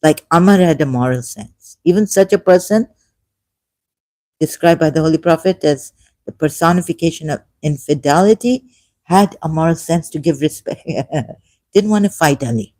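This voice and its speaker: A man giving an emotional solo commentary, swinging between loud outbursts and quiet asides. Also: a little high, normal speed, no echo. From Shia Muslim background. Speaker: ex-Muslim commentator.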